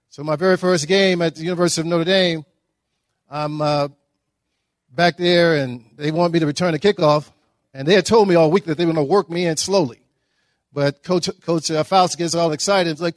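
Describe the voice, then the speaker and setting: A man's voice: a little high, normal speed, no room sound, clean studio sound. Middle-aged man telling stories. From Dallas, Texas. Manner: humorous, animated storyteller. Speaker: guest speaker. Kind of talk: motivational storytelling speech. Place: breakfast event hall.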